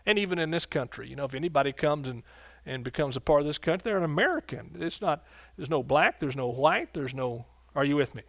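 Pastor, male, fairly high voice, dry close sound, call-and-response sermon delivery. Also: expressive, fast, vocal fry, fairly bright tone, dry recording. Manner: preacherly call-and-response, asks congregation questions.

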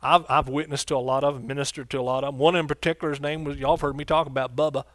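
Pastor preaching with call-and-response. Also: male voice, on the high side, little pitch movement, rapid-fire, no room sound, studio quality. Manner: preacherly call-and-response, asks congregation questions. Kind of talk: sermon.

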